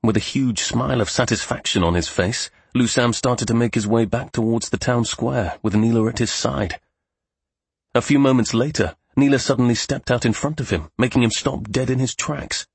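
A man narrating a fantasy audiobook in a steady, measured way. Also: medium pitch, husky, no echo.

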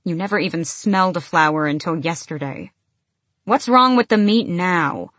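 Casting: a woman reading as a fierce young witch commander, curt and biting, lowish voice, dry audiobook sound. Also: lively intonation, moderate pace, a bit bright, dry recording. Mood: exasperated.

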